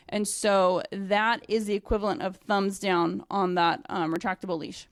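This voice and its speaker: A young adult woman dog trainer talking casually and bluntly about teaching clients, animated and swearing freely. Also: mid-range voice, moderate pace, few pauses, no room sound, clean studio sound.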